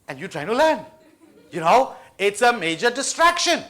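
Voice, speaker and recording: A man giving school students a lively study-skills talk, playful and often asking the audience questions. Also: high-pitched, normal speed. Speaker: motivational study-skills speaker.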